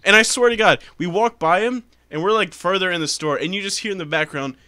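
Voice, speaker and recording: A young man co-hosting a casual podcast, telling excitable stories and laughing often. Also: high voice, quick pace, no echo. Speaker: podcast co-host. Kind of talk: casual storytelling chat.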